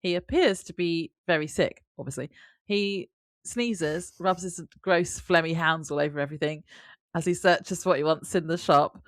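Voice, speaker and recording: A woman's voice: on the low side, normal speed, no room sound, studio quality. A woman co-hosting a podcast, talking casually with frequent laughter and hesitant restarts. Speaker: podcast co-host. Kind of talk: casual recap chat.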